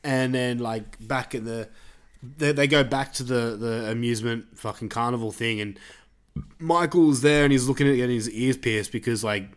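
A man on a casual podcast, retelling a movie in a rambling, profane way with quick character voices. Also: mid-range voice. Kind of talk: casual chat.

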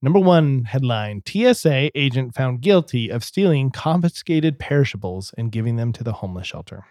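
A man's voice: medium pitch, sing-song, moderate pace, a little mellow, no room sound, studio quality. A man co-hosting a casual podcast, reading out quiz headlines and laughing easily. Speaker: podcast co-host. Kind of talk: casual chat.

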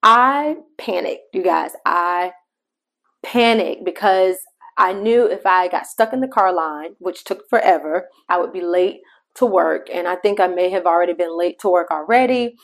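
A middle-aged woman hosting a devotional podcast, telling a personal story in a conversational way and talking straight to her listeners. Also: lowish voice. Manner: shifts pace between slow emphasis and quick asides. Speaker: podcast host.

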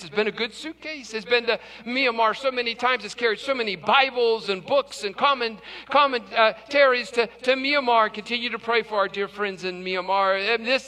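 A male pastor telling an animated personal story in a sermon, stumbling and restarting often. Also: very high voice, big-room sound.

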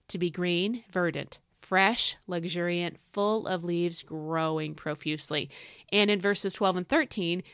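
A woman's voice: lowish voice, a bit bright, smooth, no echo, clean studio sound. A young woman teaching scripture on her podcast, enthusiastic and getting fired up like a preacher. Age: young adult. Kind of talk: devotional teaching.

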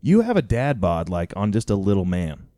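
Casual podcast co-host, young Idaho man, low and mellow, teasing banter, dry close sound. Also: huge pitch swings, normal speed, no echo. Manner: joking, teasing. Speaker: podcast co-host, rodeo announcer. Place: home basement.

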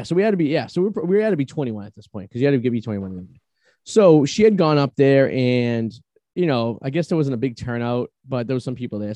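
A man's voice: mid-range voice, mellow, no echo. A man in his thirties hosting a podcast, telling rambling stories in casual chat and swearing freely. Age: 30s. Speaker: podcast host.

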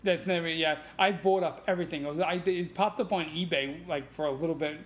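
A middle-aged man, a martial arts instructor telling stories on a podcast, animated and laughing, swearing casually. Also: a little high, brisk. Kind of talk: casual storytelling.

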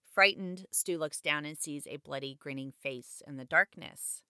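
A woman with a low-pitched but sharp, bright voice retells a novel chapter in a casual, chatty way. She drops in personal asides between stretches read straight from the page. The recording is dry and close, with no room sound. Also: unhurried, smooth, dry recording. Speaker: podcast host. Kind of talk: casual book recap with read-aloud passages.

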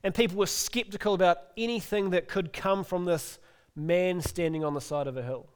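Middle-aged male preacher, earnest and gently inviting, voice pitched a little high. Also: moderate pace, smooth. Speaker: pastor. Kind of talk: sermon with closing prayer.

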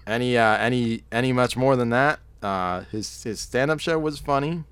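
A man's voice: mid-range voice, normal speed, a bit bright, clear, resonant tone, dry recording. A man co-hosting a podcast, telling rambling stories in casual chat, laughing often and mimicking people. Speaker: podcast co-host.

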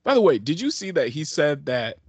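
A man co-hosting a casual podcast chat, relaxed and agreeable, trailing off into asides. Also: a little high, a little fast, husky, no echo. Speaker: podcast co-host.

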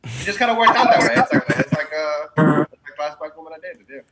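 A man's voice: on the high side, brisk, fairly bright tone. A man co-hosting a casual podcast chat, joking and laughing about his love life. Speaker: podcast co-host.

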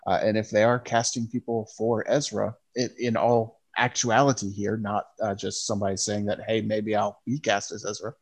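A man's voice: on the low side, level tone. Hesitant man on a podcast. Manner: measured, hesitant with many uhs. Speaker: podcast co-host. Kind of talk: casual chat.

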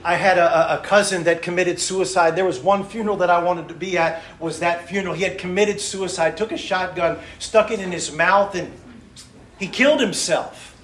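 A middle-aged man, a missionary preacher, delivering a sermon in emphatic rhythmic lists that swing from loud to hushed. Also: high-pitched, moderate pace, reverberant, a little hiss or hum.

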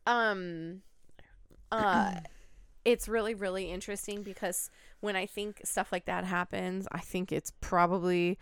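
A woman's voice: mid-range voice, steady tone, unhurried, clean tone, no echo. A woman in her thirties co-hosting a podcast, telling ghost stories in a chatty, rambling way with lots of fillers. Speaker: podcast co-host.

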